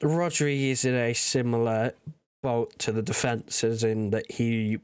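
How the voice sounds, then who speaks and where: A man, co-hosting a casual football podcast, giving measured, considered analysis. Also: mid-range voice, little pitch movement, darkish tone, clear, resonant tone, dry recording. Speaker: podcast co-host.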